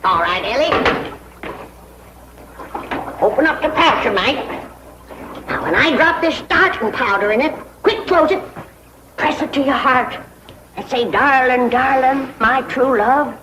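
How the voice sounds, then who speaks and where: A woman's voice: high voice, lively intonation, unhurried, pauses often, noisy background. An actress playing a bossy, feisty old backwoods grandmother with an Ozarks drawl in a 1960s sitcom. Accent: Ozarks rural American. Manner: bossy, folksy.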